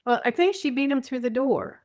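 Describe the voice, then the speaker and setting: An older woman, a podcast guest, chatting about caregiving and telling lively stories with voiced quotes. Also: high-pitched, fairly quick. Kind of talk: conversational storytelling.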